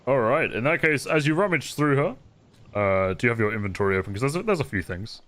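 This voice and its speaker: A man runs a tabletop game as game master, describing scenes in a relaxed, unhurried way. His voice sits at a middling pitch.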